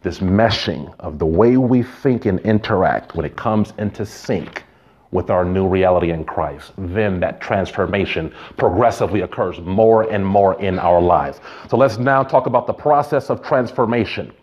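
Male pastor, lowish voice, easygoing sermon with stories, dull lo-fi recording. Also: moderate pace, darkish tone. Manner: conversational preaching with stories and asides.

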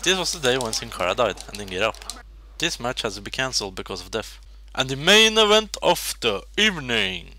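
A man casually commentating his own wrestling video game, excitable, jumping between loud shouts and quiet muttering. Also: mid-range voice, fairly quick.

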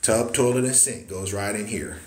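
A man in his forties giving a casual walkthrough of a prefab cabin, folksy and hyped up, shouting catchphrases and whooping between points. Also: on the low side, normal speed. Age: 40s. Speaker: cabin seller and social media host.

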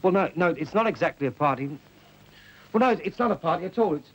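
A man's voice: high voice, animated, quick pace, husky, low-quality recording. An actor playing a flustered young man who stammers and pleads with his mother, in a 1960s TV drama.

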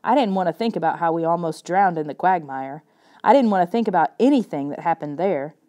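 A woman reads a children's spooky chapter book aloud, her voice lower and warm. She keeps a soft, measured storytelling pace, letting the tense moments settle. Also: lively intonation. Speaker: audiobook narrator. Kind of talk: scripted narration.

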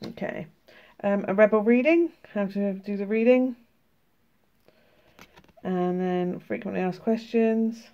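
Gravelly British woman with a sore throat. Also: medium pitch, slow, mellow, muffled recording. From United Kingdom. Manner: chatty and laughing, swearing freely. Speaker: tarot and oracle card vlogger. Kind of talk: casual card flip-through, reading cards aloud.

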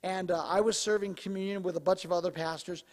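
A male pastor preaching a sermon in a conversational, animated way, his voice slightly hoarse. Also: sits high, fast, in a large hall. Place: church sanctuary.

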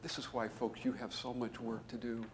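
A man, a business school professor, giving a conference keynote as an animated storyteller who jumps into high, emphatic bursts. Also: normal speed, slight background noise.

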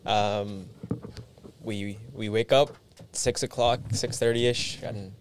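A man's voice: on the low side, steady tone, takes it slowly, a little hiss or hum. A young man co-hosting a podcast in a studio, chatting easily and joking back and forth. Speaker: podcast co-host. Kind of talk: casual chat.

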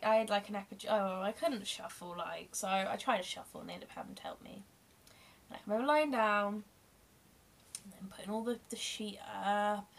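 A woman's voice: medium pitch, creaky. A young woman candidly telling a long personal story in a rambling, emotional way. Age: young adult. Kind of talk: casual storytelling vlog.

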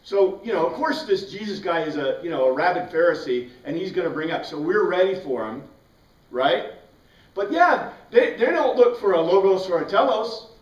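A man with a high, expressive voice teaches a Bible class at a moderate pace, putting questions to his students and answering them himself. He sits far from the mic, so the classroom recording comes out roomy, distant and dull.

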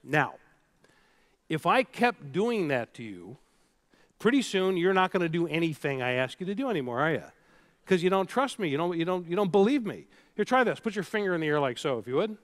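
A middle-aged man with a voice on the high side moves briskly through a keynote speech in a large hall. Before the live audience he tells animated stories and addresses the crowd directly.

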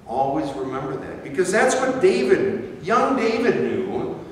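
A man preaching a sermon as pastor, slow and emphatic, repeating key phrases for weight. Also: on the high side, big pitch swings, slight background noise. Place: church sanctuary. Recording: echoey hall from far off.

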